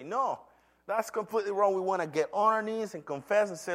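A man's voice: high voice, a little fast, fairly bright tone. A middle-aged man, a church elder, giving an earnest sermon testimony told as a story. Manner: earnest, storytelling with acted quotes.

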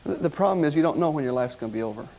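Preacher, male, high-pitched, dramatic sermon delivery that swings from loud to hushed. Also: very fast. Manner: animated storytelling, voicing the people of the story with swings from loud to hushed.

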